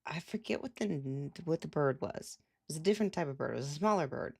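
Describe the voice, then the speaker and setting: Woman streamer just rambling to chat, low gravelly voice, lots of likes. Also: expressive, quick pace, a little mellow. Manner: rambling, full of "like" fillers and laughs. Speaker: live streamer. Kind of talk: casual chat.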